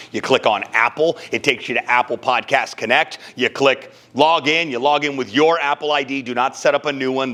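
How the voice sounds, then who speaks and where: A man presenting a podcasting workshop to a live group, giving blunt, joking advice and acting out quoted lines in a higher voice. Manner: animated storyteller, acts out quotes in high voices. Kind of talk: energetic teaching talk to a live group.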